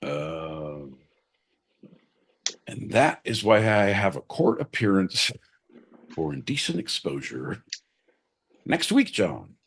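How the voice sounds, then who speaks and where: Deep, husky man, sweary comedic co-host, rambling banter. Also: sing-song, slow, pauses often. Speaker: podcast co-host. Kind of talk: casual comedic chat.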